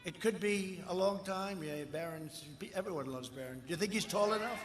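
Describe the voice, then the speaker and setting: An older man speaking at a campaign rally, rambling and boastful, swinging between shouted lines and muttered asides. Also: high voice, brisk. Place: outdoor rally. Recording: echoey outdoor rally with long reverb and faint crowd noise.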